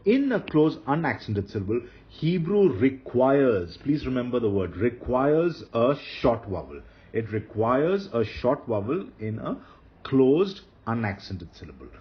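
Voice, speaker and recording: Man, lecture voice, lively pitch, repeats rules slowly, dull lo-fi recording. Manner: slow, repeats key rules for emphasis. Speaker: teacher. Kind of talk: slide-based grammar lecture.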